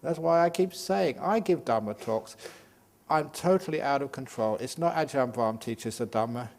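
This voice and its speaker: Older monk giving a joking Dhamma talk. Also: male voice, mid-range voice, normal speed, creaky. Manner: humorous, lively, joking teaching style. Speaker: Buddhist monk and meditation teacher. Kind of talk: Dhamma talk at a day retreat.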